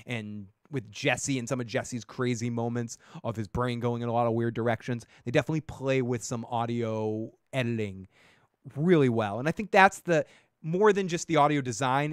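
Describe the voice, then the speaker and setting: A man's voice: medium pitch, dry recording, studio quality. A man with a Boston accent from Massachusetts, hosting a podcast and reviewing a TV episode in loose, profane, rambling chat that keeps trailing off and restarting. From Massachusetts, USA. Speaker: podcast host reviewing a TV show.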